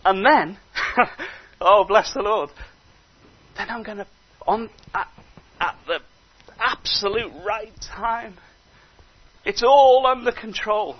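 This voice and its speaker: A male preacher with a high voice delivers a sermon, slipping into hushed asides before building to emphatic exhortation, and his delivery stays animated the whole way through. He speaks slowly with long pauses, and his voice is slightly rough. The recording sounds dull and lo-fi.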